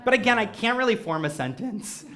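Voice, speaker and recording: A man performing stand-up storytelling on stage before a live audience, animated and self-mocking. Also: sits high, fairly quick. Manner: animated, self-mocking, acts out quoted voices. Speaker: comedic storyteller.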